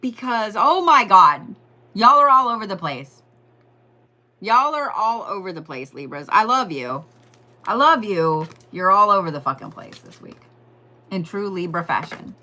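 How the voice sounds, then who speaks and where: Bright-voiced woman giving a joking astrology reading. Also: mid-range voice, big pitch swings, moderate pace. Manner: rambling, joking, swearing, talks straight to listeners. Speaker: astrology and Reiki host.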